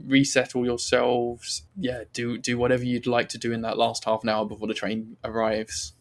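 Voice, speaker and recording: Relaxed game master, jokey narration, mid-pitched man. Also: moderate pace.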